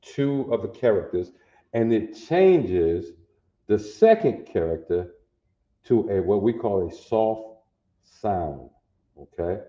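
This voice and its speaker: Male teacher, slow and patient, lower voice, sounds out syllables; muffled, echoey room recording. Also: expressive, dark tone. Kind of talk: classroom lesson.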